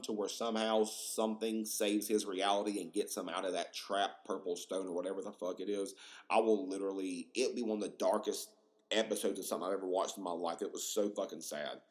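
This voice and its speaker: Rambling, excitable young male podcaster. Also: sits low, a little fast. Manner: rambling, profane, excitable, lots of fillers. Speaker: podcast host. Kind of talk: casual solo podcast rant.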